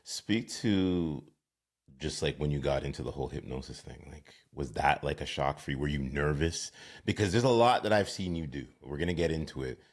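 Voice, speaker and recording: Man, podcast host, extremely low voice, effusive, chatty interviewer. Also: lively intonation, normal speed. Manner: effusive, admiring, chatty questions. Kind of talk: casual interview. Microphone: video call.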